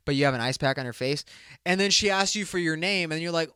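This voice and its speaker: Podcast host, male, fairly high and bright voice, profane rambling comic storyteller, dry close sound. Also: quick pace, clean tone, dry recording. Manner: profane, rambling storyteller who laughs at his own jokes. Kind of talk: comedic solo podcast monologue.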